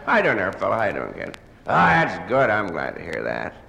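A comedian plays a hungover man on the phone in a one-sided comic monologue, his deep voice full of vocal fry and lively, swooping delivery. He stammers and hesitates with plenty of uhs and restarts, sounding sheepish and apologetic. It's recorded live in a large, echoing hall with ambient noise.

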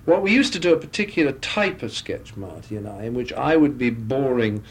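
A man's voice: mid-range voice, lively intonation, fairly quick, slightly rough. A man talking as a guest in a radio interview, telling chatty anecdotes into a studio microphone.

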